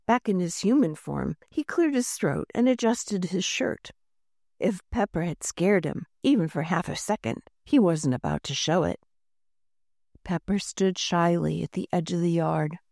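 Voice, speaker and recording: A woman narrating a children's storybook in a gentle, unhurried reading voice, lightly voicing the characters. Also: fairly low pitch, lively intonation, creaky, no room sound, studio quality. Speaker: audiobook narrator.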